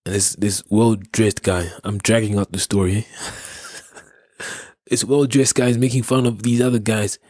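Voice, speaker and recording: A man's voice: on the low side, steady tone, moderate pace, a little mellow, no echo, clean studio sound. A young South African man hosting a podcast, telling a story in a rambling way with many restarts and frequent laughs. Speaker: podcast host. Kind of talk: casual storytelling.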